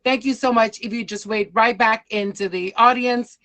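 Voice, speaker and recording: Bright-voiced woman hosting a storytelling show. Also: on the high side, fairly even intonation, normal speed. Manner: announcer-like, welcoming.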